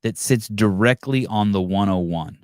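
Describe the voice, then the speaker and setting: A man's voice: lowish voice, moderate pace, no echo, studio quality. Man ranting profanely on his podcast. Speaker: podcast host. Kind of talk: casual chat.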